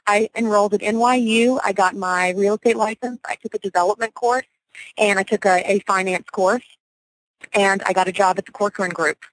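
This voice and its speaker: A self-assured woman in her forties, originally from Louisiana, speaks as a radio guest at a middle pitch. Her talk is energetic, coming in quick bursts with some restarts, and the recording is close and dry, with no room sound. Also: no echo, rough recording. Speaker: guest, real estate broker. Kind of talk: radio interview.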